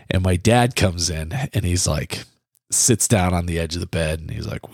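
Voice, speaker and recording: Lower-voiced man, dry close storyteller. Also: normal speed, vocal fry, no echo. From US Midwest. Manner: animated, self-deprecating anecdote teller. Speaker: parenting podcast co-host. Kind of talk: casual storytelling.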